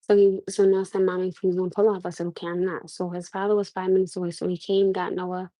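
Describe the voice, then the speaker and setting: A young woman livestreaming from her phone, with a faint New York tinge and a mellow, warm tone. She talks in a loose, animated way, restarting sentences and pressing her viewers for their opinion. Her voice sounds dry and close, with no room around it. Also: fairly low pitch, quick pace, no echo, poor audio. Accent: New York-tinged American. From Norwalk, USA. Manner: animated, repeats questions to the audience, restarts often. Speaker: livestream host. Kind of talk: casual livestream chat to viewers.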